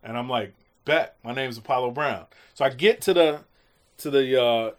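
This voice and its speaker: A man's voice: medium pitch, moderate pace. A man telling stories casually in an interview, acting out quotes and swearing freely. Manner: animated, acts out quotes, swears freely, slangy. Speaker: music producer guest.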